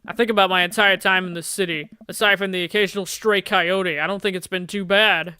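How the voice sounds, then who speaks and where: A man hosting a game playthrough, reading the game text aloud and joking around in a playful, excitable way. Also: sits high, fairly quick, clear, resonant tone. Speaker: gaming channel host. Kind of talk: let's play commentary, reading game text.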